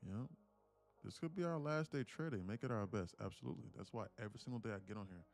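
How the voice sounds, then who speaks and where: A man with a fairly low voice hosts a casual live stream, chatting straight to his viewers. He talks in a reflective, personal way. Soft music plays quietly behind him. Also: fast talker. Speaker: live-streaming day trader host.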